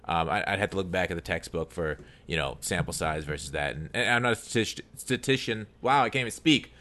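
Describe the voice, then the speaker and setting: A man's voice: low-pitched, quick pace, sharp tone, a little hiss or hum. A man reasoning through an argument in a casual podcast debate, often restarting his sentences. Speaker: podcast co-host.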